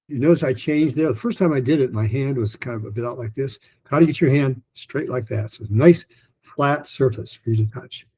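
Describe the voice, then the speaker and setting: A man teaching a pronunciation lesson in a loose, rambling way, with many restarts, fillers and slowly modeled phrases. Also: medium pitch, darkish tone, breathy edge, rough recording. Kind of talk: recorded lesson talk.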